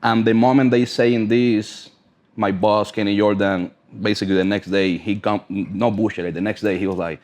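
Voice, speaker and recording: A man's voice: on the low side, little pitch movement, normal speed, darkish tone. A man speaking English with a non-native accent, chatting bluntly as a podcast guest with plenty of swearing. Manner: blunt, profane, emphatic storytelling. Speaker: podcast guest, brand ambassador. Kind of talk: casual podcast chat.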